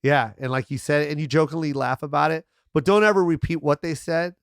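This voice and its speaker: A man's voice: on the high side, fairly even intonation, brisk, dry recording, clean studio sound. A middle-aged man on a podcast as guest comedian, telling stories animatedly, acting out quotes and swearing freely. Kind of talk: casual podcast chat.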